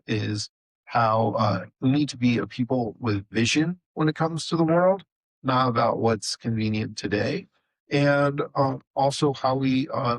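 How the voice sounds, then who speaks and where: A man speaking as a panelist, telling a story in a halting, animated way with many fillers. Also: mid-range voice, slightly rough, no echo, rough recording. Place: conference session room.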